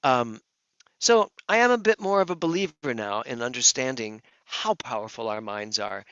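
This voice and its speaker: A man's voice: medium pitch, animated, normal speed, smooth, no room sound. Man, minister, earnest storytelling, dry sound, slightly muffled. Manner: emotional, earnest, swings from hushed to shouting. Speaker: guest speaker, minister. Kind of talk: personal storytelling talk.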